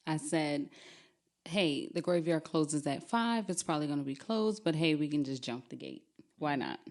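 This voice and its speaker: A young adult woman telling a true spooky story on a podcast, lively and often laughing as she talks. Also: low voice, normal speed.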